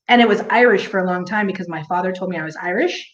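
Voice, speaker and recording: A woman's voice: mid-range voice, quick pace, hardly any pauses, a bit bright. A woman chatting casually to her viewers in a rambling way, with lots of fillers and restarts. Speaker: vlogger. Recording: echoey room, dull lo-fi sound.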